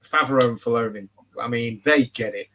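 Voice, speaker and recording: A man's voice: mid-range voice, moderate pace, a bit bright, poor audio. A man in casual podcast chat, rambling and repeating words as he talks. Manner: rambling, repeats words, laughs at his own jokes. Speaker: podcast guest.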